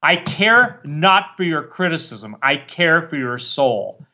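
A man's voice: on the high side, big pitch swings, slow pace, sharp tone, muffled recording. A man speaking as a guest preacher on a talk show, worked up and fiery, rambling with many restarts. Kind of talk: impassioned talk-show monologue.

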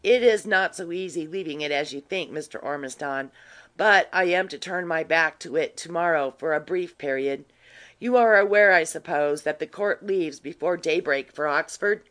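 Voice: medium pitch, moderate pace, a bit bright, lightly acted. Teasing aristocratic earl, familiar and nosy, read aloud by a narrator. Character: worldly curious aristocratic earl, man. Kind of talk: audiobook reading.

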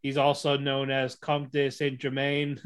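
A man casually recapping an anime episode, excitable, acting out the characters' lines and laughing often. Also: medium pitch, measured pace, clear, resonant tone. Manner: excitable storytelling, acts out quotes, laughs often. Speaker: podcast co-host reviewing an anime. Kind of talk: casual chat.

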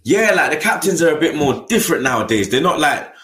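A man's voice: on the high side, sing-song, quick pace, bright, forceful tone, echoey room. A man, a football fan channel host talking bluntly in casual chat, full of slang and tag questions. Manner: blunt, slangy, keeps adding "you get me".

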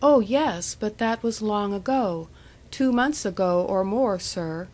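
Lorna, a shy, soft-spoken young maiden, read by a woman. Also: mid-range voice, slow pace. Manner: soft and hushed.

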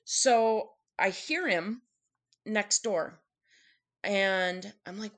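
A woman's voice: mid-range voice, moderate pace, fairly bright tone. A woman candidly telling an emotional personal story in conversation, acting out the quotes of what people said. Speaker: guest telling her story.

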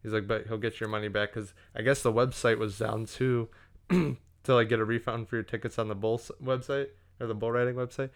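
A man's voice: medium pitch, fairly even intonation, fairly quick. A young man casually telling a profane story on a podcast, acting out what everyone said.

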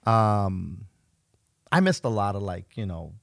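Co-host, man, gravelly mid-pitched voice, teasing, rambling delivery. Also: expressive, dry recording, studio quality. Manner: rambling, teasing, halting with fillers. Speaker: podcast co-host. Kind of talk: casual chat.

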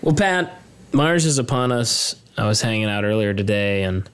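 A man's voice: lowish voice, lively intonation, moderate pace, fairly bright tone, smooth. A man co-hosting a podcast, telling stories in casual chat with lots of fillers and restarts. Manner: rambling storyteller, many fillers and restarts. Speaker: podcast co-host.

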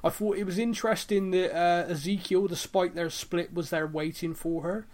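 A man's voice: high voice, fairly even intonation, normal speed, a little mellow. A man co-hosting a podcast and chatting casually about a TV episode, with lots of ums and quoted lines he acts out. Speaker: podcast co-host. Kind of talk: casual chat reviewing a TV episode.

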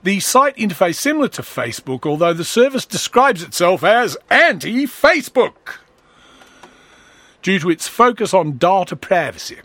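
A man's voice: sits high, very animated, normal speed, a bit bright, no echo. A man talking in a rambling, sarcastic comedic monologue as a vlogger. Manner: rambling, sarcastic, slips into voices.

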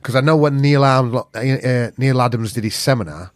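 Appearing on a podcast, a middle-aged Yorkshireman tells casual stories bluntly, swearing freely and using northern dialect grammar. He speaks at a moderate pace in a mid-range voice with no echo.

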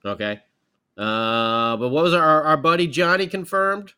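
Podcast co-host: man, bright voice, sarcastic, exasperated rants. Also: a little high, measured pace, clean tone. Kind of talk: casual sports podcast chat.

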